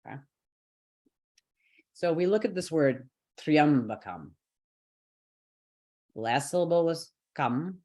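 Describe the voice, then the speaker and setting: A man's voice: fairly high pitch, lively intonation, takes it slowly, pauses often, darkish tone. A man teaching a chant lesson online, explaining the rules patiently step by step, with light laughs now and then. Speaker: yoga and mantra teacher.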